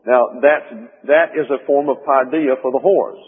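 Man, preacher, slow deliberate teaching, husky voice, tinny narrow sound. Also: mid-range voice, fairly even intonation. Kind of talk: sermon teaching. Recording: tinny phone-line sound in long reverb.

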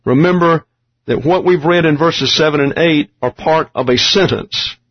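A man leads a Bible lesson on Greek grammar, defining each term step by step and dropping in the odd dry aside. His voice is husky and a little high. The recording sounds dull and lo-fi. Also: moderate pace. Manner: methodical, explains terms step by step. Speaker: Bible teacher.

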